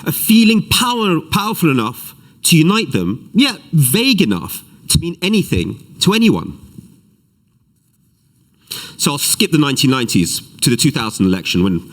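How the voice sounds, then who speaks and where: Animated man giving a lecture. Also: a little high, normal speed. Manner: animated, self-deprecating asides. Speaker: author giving a talk. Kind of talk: public lecture with readings. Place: event hall, live streamed.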